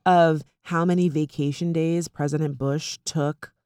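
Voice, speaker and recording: A woman's voice: deep voice, fairly even intonation, a little slow, warm tone, smooth, no echo, studio quality. A woman chatting casually and animatedly about politics, sarcastic and full of fillers.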